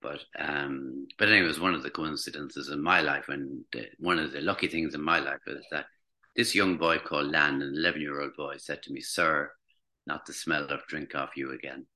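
A man's voice: a bass voice, fairly even intonation, brisk, sharp tone. A man in his sixties, once a teacher, tells a personal story in a reflective, hesitant way, with many restarts. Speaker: former teacher recounting recovery.

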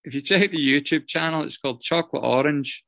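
A man sharing a personal story with a group in a rambling, self-mocking way, swearing often and filling pauses with ums. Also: on the high side, gravelly, sharp tone, dry recording, clean studio sound. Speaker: guest speaker sharing his story. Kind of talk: casual personal share to a group.

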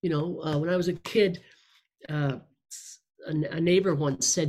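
A woman's voice: lowish voice, moderate pace, darkish tone. A middle-aged woman candidly telling her life story to a room of listeners, rambling and self-deprecating. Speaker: speaker sharing her story. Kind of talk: personal testimony to a room.

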